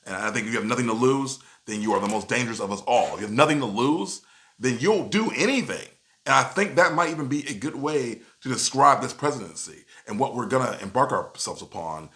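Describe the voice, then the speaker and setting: A man giving casual, animated commentary in a video, often asking "you know what I'm saying". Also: medium pitch, a little fast.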